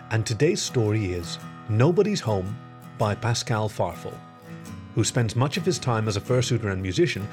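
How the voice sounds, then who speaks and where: Male fireside storyteller, gravelly and lively. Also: mid-range voice. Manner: measured, expressive storytelling. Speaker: storyteller, podcast host. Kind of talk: storybook narration.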